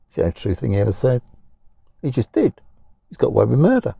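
A man's voice: mid-range voice, huge pitch swings, quick pace, gravelly, warm tone, slightly rough, no echo, clean studio sound. A man, talking casually from inside a parked car, rambling and grumbling in a blunt, plain-spoken way. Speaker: vlogger. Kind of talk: casual talking-head rant.

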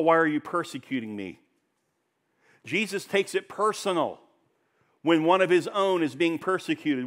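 A male pastor preaches a sermon in church, his voice climbing to loud, emphatic peaks and then falling into hushed, low passages.

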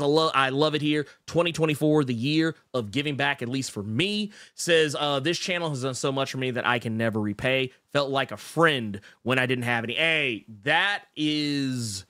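A man's voice: fairly high pitch, pushed and bright, dry recording, studio quality. A man hosting a casual livestream, reading chat messages in a rambling, self-interrupting and emotional way. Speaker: podcast host reading live chat.

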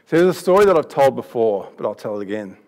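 A man's voice: mid-range voice, big pitch swings, fast talker, a little mellow. Chatty man preaching. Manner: chatty storytelling with laughs and restarts. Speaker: youth pastor. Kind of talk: sermon. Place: church hall.

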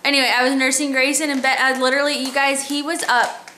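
Young mother, high voice, tired and chatty, sing-song with the kids, home vlog. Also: little pitch movement, quick pace, pushed and bright, slight background noise. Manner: chatty, sing-song talk to her toddler. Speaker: mother vlogging family life. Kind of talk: casual home vlog chat. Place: family home.

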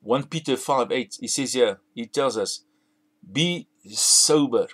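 A man's voice: mid-range voice, moderate pace. A man preaching a sermon, emphatic, repeating and restarting phrases as he builds his points.

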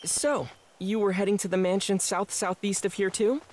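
A woman voicing a kind, calm teenage boy swordsman who speaks steadily and politely, in an anime fan dub. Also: mid-range voice, normal speed, a little hiss or hum, close to an everyday voice.

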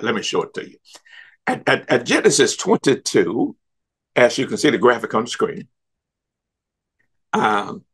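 Emphatic, husky-voiced man teaching Bible study. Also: mid-range voice, fairly bright tone. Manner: emphatic, repeats words and stumbles on restarts; stretches key words slowly for emphasis. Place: church.

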